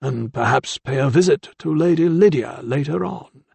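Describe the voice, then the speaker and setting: A man voicing an excitable, fussy old male anatomist in an audiobook, speaking in a raised, insistent, drawn-out way. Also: on the high side, gravelly, breathy edge, no room sound, full character voice.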